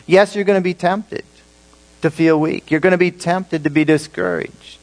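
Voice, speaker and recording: A man preaching a sermon, his voice sitting a little higher than most men's. He is emphatic, pushing some lines out loud and dropping others to a hushed, slow emphasis. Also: poor audio. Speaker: pastor.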